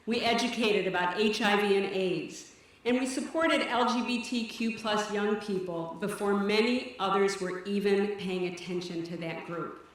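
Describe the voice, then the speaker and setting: A woman directing a teen services program, giving an earnest, measured speech at a benefit event on stage. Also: medium pitch. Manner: earnest, measured, slightly breathless delivery. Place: event stage in a large hall. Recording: echoey hall from far off.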